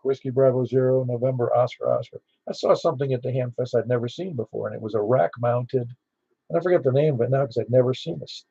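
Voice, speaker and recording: Gravelly husky guy running a ham net, rambly and easygoing, dull dry radio sound. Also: medium pitch, dry recording. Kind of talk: casual radio chat. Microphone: radio transceiver mic.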